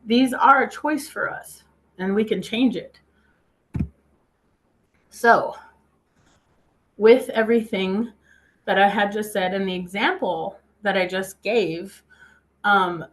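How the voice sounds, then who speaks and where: A woman giving a motivational talk, telling a personal story in a chatty way and quoting herself often. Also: mid-range voice. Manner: laughs easily. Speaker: speaker.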